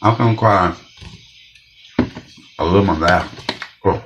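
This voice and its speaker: A man's voice: low voice, measured pace, background noise. A man hosting a home cooking show, chatting bluntly and straight to viewers as he tastes his food. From Detroit, USA. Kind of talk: casual cooking vlog with tasting.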